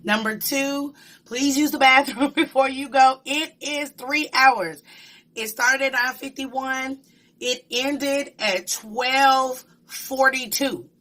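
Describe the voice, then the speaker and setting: A woman giving a casual, excited movie review, emphatic and slangy. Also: sits high, takes it slowly.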